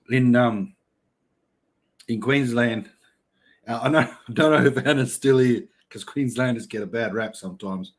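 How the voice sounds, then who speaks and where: A man's voice: mid-range voice, moderate pace, long pauses. A middle-aged Australian man hosting a casual livestream, reading chat and yarning in a laid-back way with blokey slang and frequent laughs.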